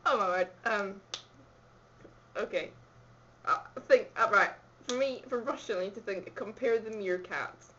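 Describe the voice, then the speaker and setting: A woman's voice: mid-range voice, measured pace, a bit bright, a little hiss or hum. A woman chatting and giggling with a friend while filming a home video, on a dull lo-fi recording. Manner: giggly, chatty, self-mocking. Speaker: video maker. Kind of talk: casual chat with a friend.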